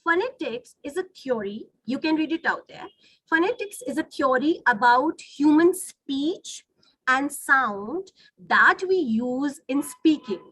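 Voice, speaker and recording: Slow, bright-voiced teacher. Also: female voice, high-pitched, expressive, no room sound, rough recording. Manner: patient, corrects words slowly with repeated checks. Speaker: phonetics teacher. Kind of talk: online webinar lecture. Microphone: video call.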